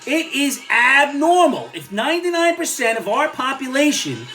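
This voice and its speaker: Animated, blunt older man ranting. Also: extremely high pitch, normal speed, faint music behind. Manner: blunt, opinionated, sarcastic. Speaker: vlogger. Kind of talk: ranting commentary vlog.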